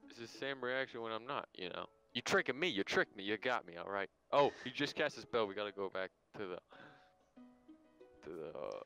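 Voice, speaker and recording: Man, low voice, streamer, casual gaming chat, joking, tired, faint game music. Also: animated, a little fast, gravelly, bright, forceful tone, smooth.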